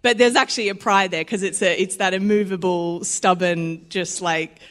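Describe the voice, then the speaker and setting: A woman's voice: mid-range voice, normal speed. A young Australian woman giving a sermon in a chatty, conversational way, acting out little quoted voices and laughing easily. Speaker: preacher.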